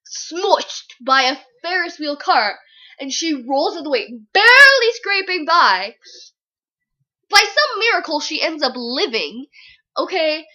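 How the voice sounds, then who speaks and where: A young woman gushes about a book she loves, retelling scenes with big dramatic swings in her voice. Her voice is high and bright, and she talks at an unhurried pace. The home recording sounds a little dull and lo-fi. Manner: gushing, dramatic, very animated retelling. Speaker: book reviewer. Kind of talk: excited casual book review.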